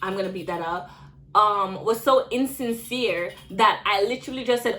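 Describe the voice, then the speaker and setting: A woman's voice: medium pitch, brisk, fairly bright tone, poor audio. Young woman vlogger, casual and rambling, mid-range voice, full of fillers. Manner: rambling, filler-heavy retelling. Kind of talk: storytime vlog.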